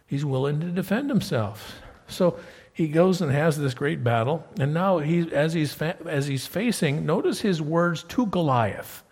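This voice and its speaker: A man preaching a sermon, telling a Bible story in a conversational way and reading scripture aloud with loud, emphatic peaks. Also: a little high, expressive, a little slow, husky, big-room sound.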